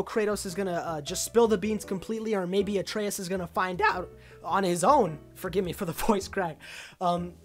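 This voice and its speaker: A woman breaks down a game trailer in loose, chatty commentary. She sounds keen and a bit scattered, sprinkling fillers through her sentences. Her voice sits at an ordinary middle pitch with soft music faintly underneath. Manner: excited, rambling, many "uh" and "like" fillers. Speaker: video game trailer analyst. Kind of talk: casual commentary over a trailer.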